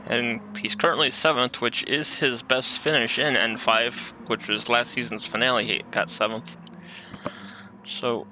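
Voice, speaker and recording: A man's voice: mid-range voice, fairly even intonation, measured pace, bright, forceful tone, a little hiss or hum, rough recording. A man co-commentating an online racing league, laid-back and chuckling often as he talks race strategy.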